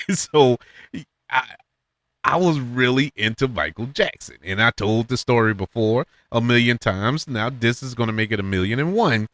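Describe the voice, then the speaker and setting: A man talks through a movie review in a loose, conversational way, with a pitch that swoops up sharply whenever he stresses a point. He laughs often between thoughts. The recording is dry and close, with no room sound. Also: no echo. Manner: animated, laughs often, pitch jumps up high for emphasis. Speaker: podcast host reviewing films. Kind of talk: casual spoken movie review.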